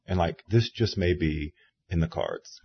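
Man, 50s, chatty interviewer, low and husky, lively mimicry, muffled recording. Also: measured pace. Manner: animated storyteller who mimics people he quotes. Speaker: interviewer and author. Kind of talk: casual conversation.

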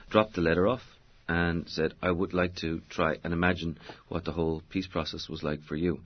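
A man's voice: low-pitched, slightly rough, dull audio. An Irish man, a novelist, answering interview questions in a digressive, storytelling way with many fillers. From Ireland. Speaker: novelist guest.

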